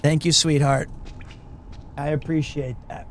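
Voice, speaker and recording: A young man, hoarse and recovering from illness, chatting casually and in a rambling, self-deprecating way while streaming a game. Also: fairly high pitch, little pitch movement, a little slow. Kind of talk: casual chat while gaming.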